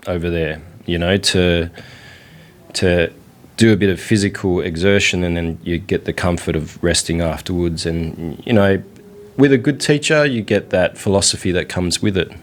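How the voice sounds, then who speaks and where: Australian man, very deep voice, relaxed, rambling interview chat. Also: a little slow. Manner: relaxed, laughs often, rambling with many fillers. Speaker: interview guest. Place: indoors in India.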